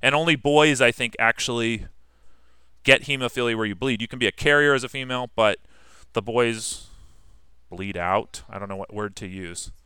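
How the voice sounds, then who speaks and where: A man's voice: medium pitch, moderate pace, pushed and bright, clean tone, no room sound, studio quality. A man teaching a history class in a casual, conversational way, asking his students questions and answering them himself.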